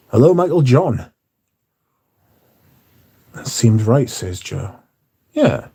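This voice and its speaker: A man's voice: medium pitch, sing-song, takes it slowly, vocal fry, pauses often, mellow, slightly rough. A man hosting a casual livestream, reading viewer comments aloud and answering them, swearing casually. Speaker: livestream host reading chat.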